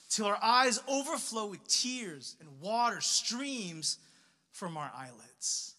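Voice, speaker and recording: A man's voice: sits high, very animated, takes it slowly, sharp tone. A young man preaching a sermon in a casual, conversational way, full of fillers and restarts. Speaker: pastor. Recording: reverberant hall.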